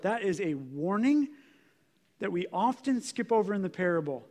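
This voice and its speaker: A man's voice: sits high, sing-song, normal speed, darkish tone. A man preaching a sermon in a conversational, explanatory way, with asides and restarts as he walks through scripture. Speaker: pastor.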